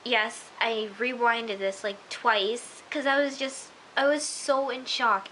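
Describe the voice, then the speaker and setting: Woman vlogger, bright higher voice, excitable and chatty, slips into hushed asides. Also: a little slow, hardly any pauses, slight background noise, rough recording. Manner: gushing, exclamatory, full of filler words. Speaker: TV episode reviewer. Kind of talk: casual chatty review.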